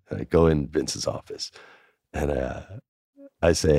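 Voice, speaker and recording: A man telling a casual anecdote in an animated way, often adding "like" and "right?". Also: extremely low pitch, unhurried, gravelly, pauses often, no room sound, studio quality.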